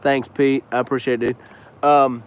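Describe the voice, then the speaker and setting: A man's voice: mid-range voice, flat delivery, normal speed, clear, resonant tone. A man hosting a casual live stream and answering viewer questions in a loose, slangy way, cussing freely. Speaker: business owner and trainer hosting a live stream.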